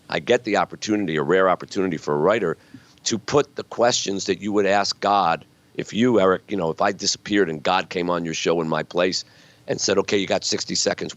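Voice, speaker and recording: A man's voice: sits low, fast talker. A man in his sixties, a guest author telling stories earnestly and reflectively in a conversational interview. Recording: dull lo-fi sound.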